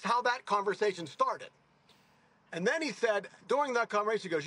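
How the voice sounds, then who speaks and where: A man's voice: high voice, a little fast, husky. A man in his sixties telling rambling stories in a casual interview, correcting himself as he goes. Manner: rambling, self-correcting, animated. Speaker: golfer.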